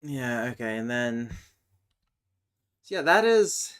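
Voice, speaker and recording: Young guy streaming, slow and kinda mumbly, thinking out loud. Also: medium pitch, very animated, smooth. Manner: slow, mutters while working things out. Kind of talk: casual livestream chat.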